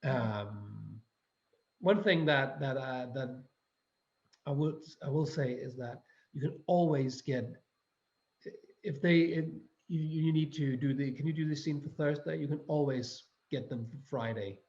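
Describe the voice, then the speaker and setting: A man's voice: medium pitch, slow pace, darkish tone. A Danish man speaking English with a Danish accent, a guest actor chatting casually and restarting his sentences as he searches for words. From Denmark. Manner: stop-start, repeating words while searching for them. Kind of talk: casual interview chat. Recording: roomy, slightly dull audio.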